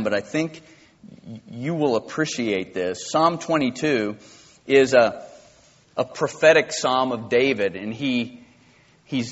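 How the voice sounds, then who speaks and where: A male pastor preaching a sermon, impassioned and swinging from quiet to loud. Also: mid-range voice. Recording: dull lo-fi with long church reverb.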